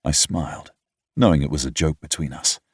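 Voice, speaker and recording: A man's voice: a bass voice, fairly quick, slightly rough, no room sound, clean studio sound. A young British man narrating a first-person romance audiobook in a reflective, wry, slightly pompous way. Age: young adult.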